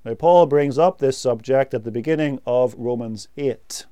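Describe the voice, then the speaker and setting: A man preaching a sermon, teaching doctrine in a slow, measured way and repeating key words for emphasis. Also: mid-range voice, warm tone, smooth, dry recording, clean studio sound.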